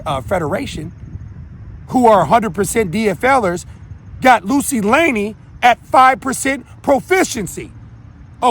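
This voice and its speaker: A man's voice: high voice, a little hiss or hum. A man in his thirties hosting his own show, delivering a heated, preachy, rambling monologue with many restarts. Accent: Minnesota. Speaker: host. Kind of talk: impassioned solo monologue.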